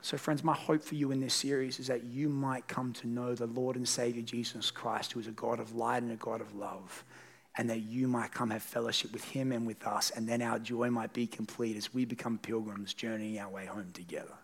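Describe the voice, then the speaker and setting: A man's voice: mid-range voice, fairly even intonation, brisk. A man preaching a sermon as pastor, speaking earnestly and directly to his congregation in a church service. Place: church service in a large room.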